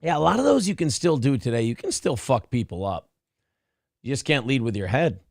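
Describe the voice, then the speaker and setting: A man hosting a casual livestream, reading super chats in a profane, rowdy way with sudden loud outbursts, a little drunk. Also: medium pitch, big pitch swings, brisk, gravelly, no echo, clean studio sound. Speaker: livestream host.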